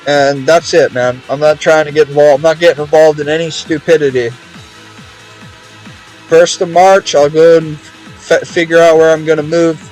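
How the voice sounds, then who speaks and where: A man's voice: fairly high pitch, little pitch movement, moderate pace, a little mellow, soft background music, rough recording. Rambling, swearing young man. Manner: rambling, profane, repeats words. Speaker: game streamer. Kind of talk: casual stream chat.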